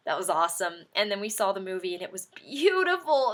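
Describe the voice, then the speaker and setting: A young woman vlogging an excited movie reaction, gushing and animated, with sudden high outbursts. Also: fast, few pauses.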